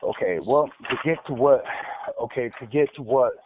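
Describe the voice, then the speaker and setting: With background noise behind him, a man in a mid-range voice recounts an interrogation over a tinny, dry phone line. He goes at a moderate pace but stutters, repeats words and keeps restarting, in a casual telling.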